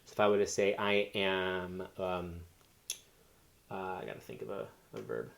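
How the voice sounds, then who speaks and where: Male teacher, lowish voice, walks learners through grammar step by step, casual and unscripted. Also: expressive, normal speed, vocal fry, fairly bright tone, a little hiss or hum. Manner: explains step by step with fillers and self-corrections. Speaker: Spanish teacher. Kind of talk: recorded classroom lesson.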